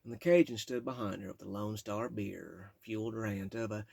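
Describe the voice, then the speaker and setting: A man's voice: lowish voice, normal speed, creaky, few pauses, a little mellow, no room sound. A man reading his own memoir aloud in a candid, plain-spoken way, with casual asides. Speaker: memoir narrator.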